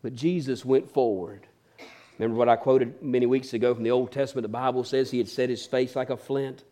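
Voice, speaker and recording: A preacher delivering a sermon, swinging from loud emphatic peaks to hushed, near-whispered lines. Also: male voice, medium pitch, level tone, fast talker.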